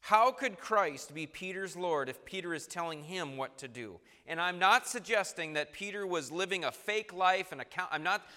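Man preaching, kinda high bright voice, big echoey hall. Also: lively intonation, moderate pace, hardly any pauses. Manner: emphatic, rising to forceful peaks. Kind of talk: sermon.

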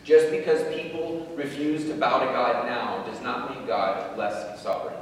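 A man's voice: mid-range voice, lively intonation, normal speed, recorded from a distance. Man preaching in an echoey hall. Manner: thinking aloud, repeats words, rhetorical questions. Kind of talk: informal sermon. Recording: very echoey hall, voice from afar, faint noise.

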